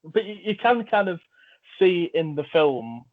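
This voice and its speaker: A man's voice: high-pitched, big pitch swings, unhurried. A man hosting a podcast, chatting about films in an enthusiastic, jokey way. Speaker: podcast host. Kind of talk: casual film chat. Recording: phone-like narrow audio.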